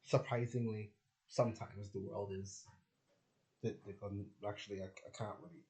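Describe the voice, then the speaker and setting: This vlogger is a young man rambling through stories in a casual monologue, heavy on filler words and swearing, and he acts out the people he quotes. His voice sits fairly low with fairly even intonation, a moderate pace, and a darkish tone.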